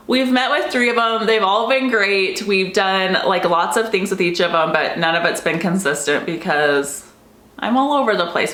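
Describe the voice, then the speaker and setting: A woman's voice: medium pitch, a bit bright, roomy sound. A young woman and homeschooling mom vlogging in a casual chat, gushing and emotional, saying "like" constantly. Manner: chatty, heavy use of "like", emotional and gushing.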